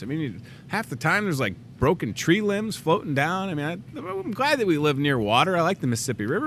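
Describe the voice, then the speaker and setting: A man's voice: fairly high pitch, brisk, slight background noise. A man in his thirties hosting a live in-store talk show, joking and rambling through asides. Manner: animated, jokey, rambling asides. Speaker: host. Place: grocery store set.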